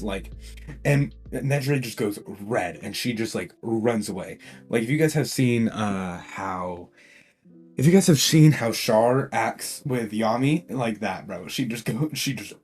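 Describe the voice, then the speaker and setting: A young man narrates a fan-made story in an excitable, slangy way, stacking fillers as he goes. His voice sits on the low side. Faint guitar music runs under him. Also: a little slow, husky. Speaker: YouTube storyteller. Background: faint background music.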